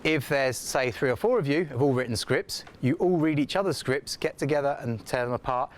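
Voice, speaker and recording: A man's voice: mid-range voice, a little fast. Chatty man giving a lecture. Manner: chatty, animated, acts out quoted feedback. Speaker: scriptwriting lecturer. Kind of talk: informal classroom lecture. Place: classroom.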